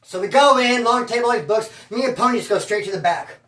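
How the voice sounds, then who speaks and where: A man's voice: very high voice, fast, sharp tone. A man telling a prison story in a loose, slangy way, acting out the people he quotes. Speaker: storyteller recounting prison life. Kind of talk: casual spoken storytelling. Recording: echoey room, voice from a distance.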